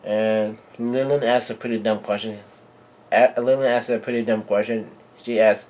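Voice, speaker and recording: Halting man reading aloud live. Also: on the low side, steady tone, darkish tone. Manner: halting, with frequent fillers and restarts. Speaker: channel host reading and reacting to a comic chapter.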